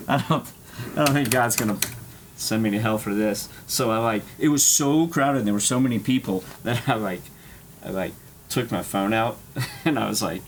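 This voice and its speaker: Low-ish guy on a stream, rambling and swearing his way through a story, bit of background hiss. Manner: profane, laughing, filler-heavy.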